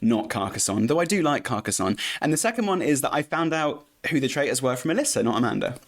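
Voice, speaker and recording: Lively, playful Englishman guest. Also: medium pitch, fast talker. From England. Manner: playful, expressive, laughs often. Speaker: podcast guest. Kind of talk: casual interview chat.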